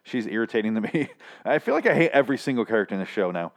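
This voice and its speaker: A man ranting with exasperation and frequent swearing while reviewing a TV season. His voice is going hoarse from shouting. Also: fairly low pitch, big pitch swings, racing. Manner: exasperated, profane, repetitive. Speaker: TV show reviewer.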